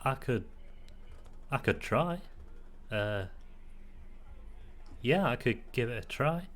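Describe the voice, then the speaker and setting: A man's voice: mid-range voice, lively intonation, takes it slowly. A man playing a tabletop game in a laid-back, matter-of-fact way. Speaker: player. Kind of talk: casual tabletop role-play.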